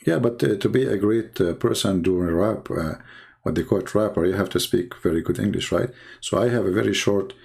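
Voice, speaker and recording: A man's voice: fairly low pitch, brisk, creaky, darkish tone. A man whose first language is Arabic, speaking English with an Arabic accent in sarcastic, mocking commentary full of fillers and restarts. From Arab world. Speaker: host. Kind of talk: mocking live-stream commentary.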